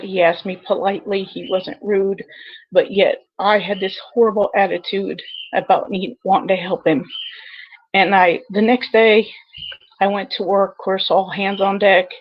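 A woman dispatcher telling a personal story over a video call, earnest and halting with many pauses. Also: medium pitch, lo-fi sound. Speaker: 911 dispatcher guest.

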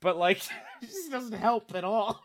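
A man's voice: high voice, animated, takes it slowly, crowd noise. A young man, a podcast co-host, telling stories in casual chat while laughing and swearing a lot.

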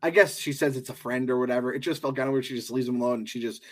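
A man hosting a podcast in casual, animated chat, laughing often and swearing freely. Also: mid-range voice, racing. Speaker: podcast host.

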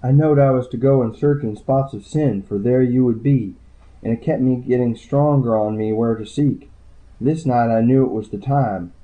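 A man's voice: mid-range voice, moderate pace, lightly acted. A man voicing a young woman healer from the Ozark backwoods, speaking with a drawling twang and pleading breathily. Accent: put-on Ozark backwoods twang. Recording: tinny phone-like sound.

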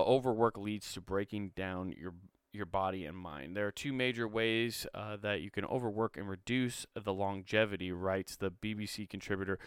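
A man's voice: lowish voice, a bit bright, smooth, no echo, clean studio sound. A man casually reading an article aloud and breaking off to ramble, swear and make sarcastic asides. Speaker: video host.

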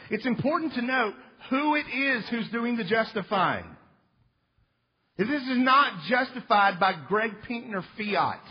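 A high, lively man preaches with joking, emphatic energy and slips into little acted voices. His voice is husky. A long hall reverb and a dull lo-fi recording tone surround him. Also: a little slow. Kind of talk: sermon.

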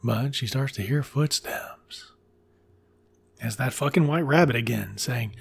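Gravelly, husky man retelling a story. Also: medium pitch, unhurried. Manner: sardonic, irreverent, swears freely. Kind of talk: casual profane retelling of a classic story.

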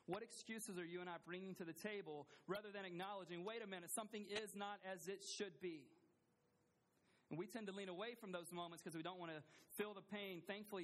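A man preaching a sermon as a pastor in a church, earnestly asking the congregation questions and repeating phrases for emphasis. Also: sits high.

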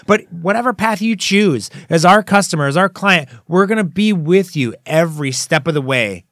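This is a man with a fairly high, slightly raspy voice. He co-hosts a comedy podcast and pitches in a salesy, mock-corporate tone. The sound is dry and close. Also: animated, normal speed, fairly bright tone, no room sound. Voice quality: a little raspy. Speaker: podcast co-host.

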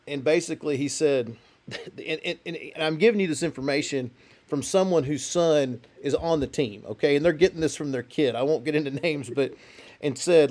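A man's voice: a little high, normal speed, darkish tone. A man co-hosting a casual sports podcast, rambling through stories and laughing often. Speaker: podcast co-host.

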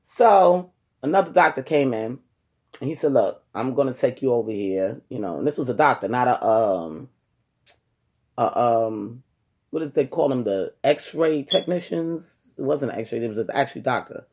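A woman telling a personal story to her viewers in a casual, animated way, talking straight to them and acting out what people said. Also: extremely low pitch, moderate pace, husky. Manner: animated, acts out quoted voices; colloquial, addresses listeners as y'all.

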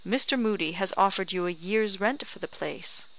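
Woman reader as dismissive schemer, curt, bright tone. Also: medium pitch, moderate pace, lightly acted.

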